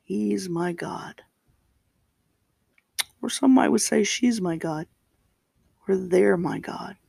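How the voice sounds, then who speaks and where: A man with a fairly high voice and a gravelly edge reads scripture slowly, pausing between phrases. He talks as a pastor giving a reflective sermon. The sound is dry and close. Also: darkish tone, no echo. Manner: slow, deliberate reading with pauses and restarts.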